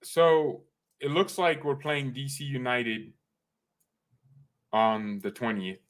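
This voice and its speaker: A man hosting a fan live stream, rambling and joking with chat, swinging from calm talk to loud excited outbursts. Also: mid-range voice, slow.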